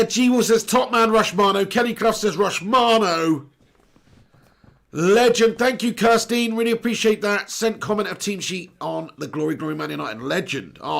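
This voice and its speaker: A man's voice: fairly high pitch, vocal fry. A young man hosting a live football watch-along, chatting and joking while he reads out viewers' comments. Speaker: live stream host.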